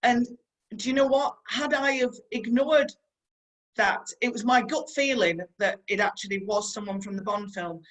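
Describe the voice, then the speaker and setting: This middle-aged Yorkshire woman is a stunt performer giving a motivational talk built on stories. Her voice is on the high side at a moderate pace, and the audio is poor. Chatty and earnest, she repeats her advice and speaks straight to her listeners.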